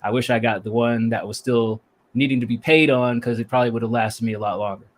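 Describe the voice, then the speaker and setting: A man's voice: mid-range voice, steady tone, fast. Dry-toned Southern-raised man. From American South. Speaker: podcast co-host, rapper. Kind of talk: casual chat.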